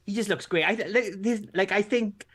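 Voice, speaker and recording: A man co-hosting a casual live stream, relaxed and rambling, with lots of restarts and fillers. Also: high-pitched, a little fast, breathy edge. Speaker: co-host.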